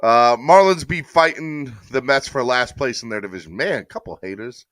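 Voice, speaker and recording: A man's voice: medium pitch, moderate pace, a bit bright, no echo, studio quality. A man hosting a casual sports podcast live stream, rambling chattily and reading viewer comments aloud. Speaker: podcast host.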